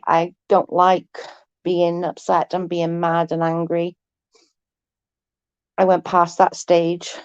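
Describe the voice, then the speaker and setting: A woman's voice: on the low side, darkish tone, no echo, lo-fi sound. A woman hosting a live stream, chatting casually with viewers; she is tired, stutters a little and keeps restarting her sentences. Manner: mild stutter.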